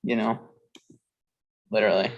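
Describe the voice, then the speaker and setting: A man's voice: on the low side, flat delivery, normal speed, highs cut off. A man in casual podcast chat, swearing freely and rambling with fillers as he tells a story. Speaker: podcast co-host.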